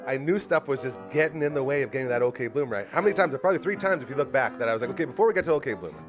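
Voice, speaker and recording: A man's voice: mid-range voice, animated, over music. A man hosting a local live talk podcast in a studio, upbeat and hyping up his guests. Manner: upbeat, fast, hypes up guests. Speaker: podcast host. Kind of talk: casual chat. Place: radio studio.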